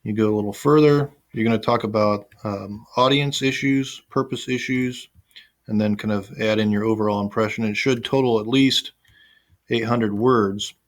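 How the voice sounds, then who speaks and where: A man's voice: on the low side, steady tone, normal speed. Casual male instructor walking through slides. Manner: casual and conversational, with frequent fillers and restarts. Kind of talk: recorded online lecture with screen share.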